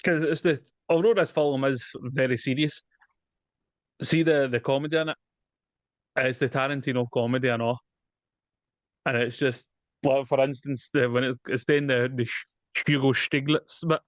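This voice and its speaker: A man's voice: mid-range voice, steady tone, moderate pace, pauses often, dry recording. A man in casual, sweary film chat, rambling and dropping mate and aye, talking over a video call. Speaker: podcast co-host.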